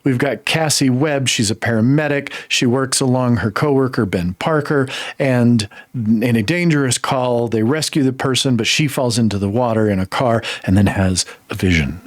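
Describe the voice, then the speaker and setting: A man's voice: mid-range voice, normal speed, dry recording, clean studio sound. A man co-hosting a podcast, giving an emphatic, exasperated film review with frequent laughter. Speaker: podcast co-host. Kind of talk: casual film review chat.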